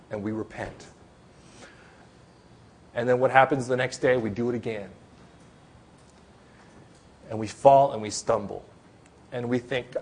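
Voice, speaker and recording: A man's voice: medium pitch, fairly even intonation, unhurried, long pauses, darkish tone, husky. Conversational man preaching a sermon. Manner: conversational preaching with many fillers and restarts. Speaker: pastor.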